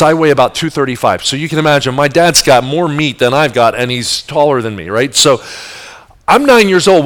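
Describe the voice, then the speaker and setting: Man, preacher, sermon story, slightly high voice, acts out voices, asks the audience questions. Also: fairly bright tone. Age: adult. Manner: vivid storyteller who acts out quoted voices; talks straight to the audience with questions.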